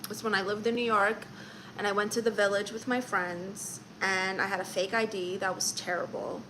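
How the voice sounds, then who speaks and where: A woman's voice: medium pitch, level tone, moderate pace, noisy background. A woman from Florida hosting a casual live stream, chatting playfully and reading viewer comments aloud. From Orlando, Florida.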